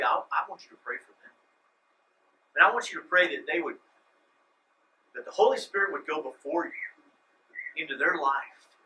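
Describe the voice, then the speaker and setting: High-voiced, bright male pastor preaching. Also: recorded from a distance, poor audio. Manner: dynamic, swings between loud emphasis and hushed whispers. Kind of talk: sermon. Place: church sanctuary.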